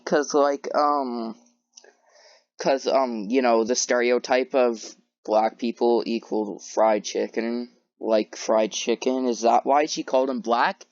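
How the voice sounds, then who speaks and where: A woman's voice: extremely low pitch, fairly even intonation, slow, darkish tone, dry recording. A woman commentating on clips in a sarcastic, incredulous way, with many hesitant fillers. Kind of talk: reaction commentary. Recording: dull lo-fi dry recording.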